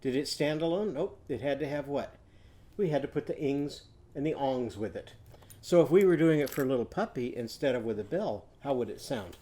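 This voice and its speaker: A man teaching a children's reading lesson, telling a story in a gentle, patient way and leading slow songs to sing back. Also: mid-range voice, animated.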